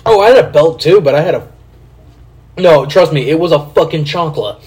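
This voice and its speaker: A man from Kansas City hosting a casual podcast, telling stories in a profane, animated way. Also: on the high side, fairly quick. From Kansas City, USA. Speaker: podcast host.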